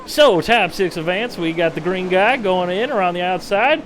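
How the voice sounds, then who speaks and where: A man's voice: high-pitched, normal speed, a crowd in the background, close to an everyday voice, poor audio. A man putting on a fake Southern accent to play a folksy race commentator with a drawl. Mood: excited hamming. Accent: put-on American Southern. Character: fake Southern good-old-boy race commentator, hammy.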